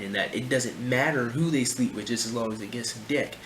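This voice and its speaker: A man hosting a casual video commentary, talking in a rambling, animated way with lots of fillers and asides to his viewers. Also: medium pitch, quick pace, hardly any pauses. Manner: rambling, animated, heavy on fillers like "you know" and "my friend". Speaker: channel host reacting to videos. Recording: echoey room with faint noise.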